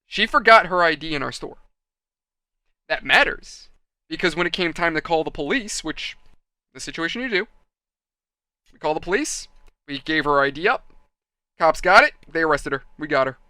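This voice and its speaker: A man telling a rambling story in a chatty, animated way while building a model kit. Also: on the high side, moderate pace, long pauses, no room sound. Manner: chatty, animated, acts out quoted people.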